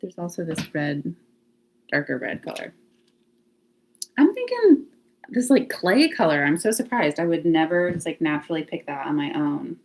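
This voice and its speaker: Speaking at a moderate pace in a low register, a woman chats casually with viewers on her livestream. She broadcasts from home beside the laundry closet, musing out loud and laughing frequently.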